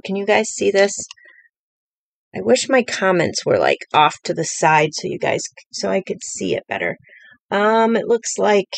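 Chatty woman hosting a live craft stream. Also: mid-range voice. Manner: chatty, rambling, many fillers. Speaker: craft demonstrator.

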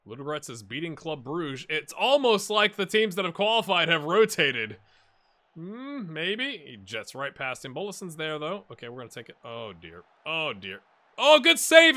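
Animated, bright-voiced male game commentator. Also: fairly high pitch, moderate pace. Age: adult. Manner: excitable, talks to the viewers and the players on screen. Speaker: gaming channel host. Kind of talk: casual let's-play commentary.

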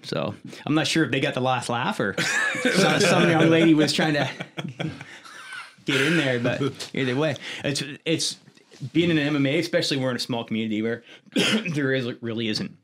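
A man's voice: medium pitch, normal speed, background noise. A man, a podcast host and martial arts coach, telling rambling stories full of swearing in casual chat. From Canada. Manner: profane, rambling storyteller.

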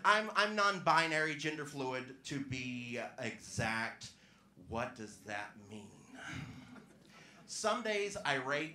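A stand-up comedian from Georgia working the crowd with self-mocking punchlines. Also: male voice, mid-range voice, measured pace, bright, forceful tone. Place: comedy club stage. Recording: echoey club room.

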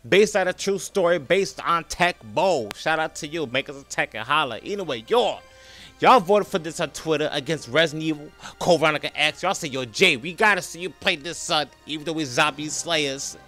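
A man's voice: a little high, a little fast, bright, forceful tone, faint music behind. A man in his thirties hosting a horror let's play, hyped and slangy, joking with his viewers. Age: 30s. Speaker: gaming channel host.

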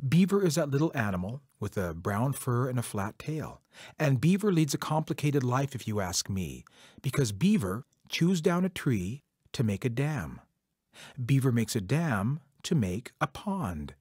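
A man's voice: mid-range voice, big pitch swings, unhurried, darkish tone, slightly rough, dry recording, studio quality. A man telling a traditional folk tale to children in a conversational way, speaking directly to his listeners. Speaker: storyteller. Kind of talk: oral folk storytelling for children.

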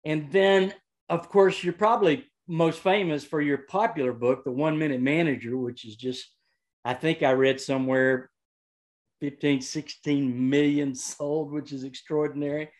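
A male host with a somewhat high voice opens the session politely and sets up his questions at length. He sounds measured and courteous. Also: steady tone. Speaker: interview host. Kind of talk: conversational interview.

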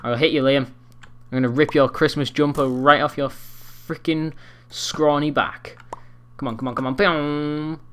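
Excitable teen gamer, swearing. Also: male voice, medium pitch, moderate pace. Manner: excitable, swearing, trash-talking. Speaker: gaming commentator. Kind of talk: gameplay commentary.

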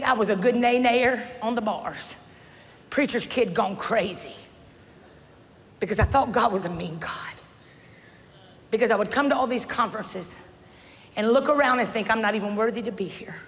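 A woman, preaching a sermon with humor, often shouting. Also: on the high side, unhurried, long pauses. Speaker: pastor. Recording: church hall reverb with faint crowd.

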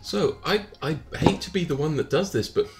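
A man's voice: a little high, expressive, normal speed, soft background music. A man co-hosting a casual card game commentary, adding playful, dry quips.

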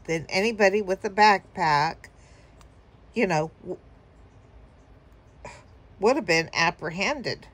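A woman's voice: mid-range voice, takes it slowly, long pauses, fairly bright tone, breathy edge. A woman telling a story casually to her viewers, rambling with fillers and chuckling now and then. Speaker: vlogger.

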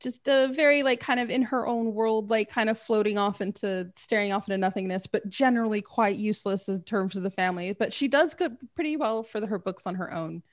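A woman's voice: medium pitch, a little fast, few pauses. Giggly, rambling woman player. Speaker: player and streamer. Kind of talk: casual chat.

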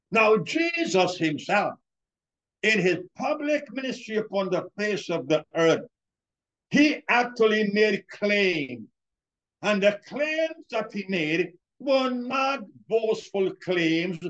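A man preaching a sermon as pastor, emphatic, with drawn-out words and pauses, calling his listeners beloved. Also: high-pitched, muffled recording.

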